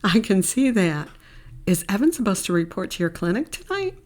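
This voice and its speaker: A woman's voice: mid-range voice, sing-song, normal speed, darkish tone, natural voice. A woman voicing a curious, guarded woman who runs a clinic, asking questions in a raised tone.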